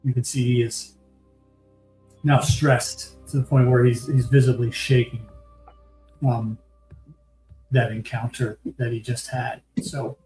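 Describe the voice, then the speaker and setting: Slow-talking man in an echoey room. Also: medium pitch, little pitch movement, a little mellow, faint music behind. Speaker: player. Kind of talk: describing his character in a tabletop game.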